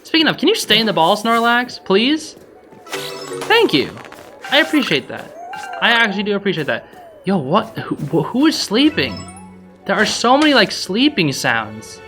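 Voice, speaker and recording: A young adult host giving chatty, excitable blind let's-play commentary and talking to the creatures on screen. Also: mid-range voice, normal speed, soft background music. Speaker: gaming channel host.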